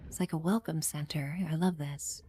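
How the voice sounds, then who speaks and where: A woman's voice: deep voice, steady tone, moderate pace, dark tone, slight background noise. Upbeat streamer woman, Chicago accent. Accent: Midwestern American, Chicago. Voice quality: chatty, upbeat, greets viewers by name. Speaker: live streamer. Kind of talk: casual live-stream gaming chat.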